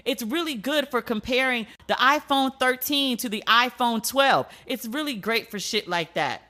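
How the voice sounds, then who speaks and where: A woman's voice: a little high, normal speed. A woman hosting a solo podcast, talking bluntly and profanely as she tells stories and vents. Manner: blunt, profane, animated storytelling. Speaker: podcast host.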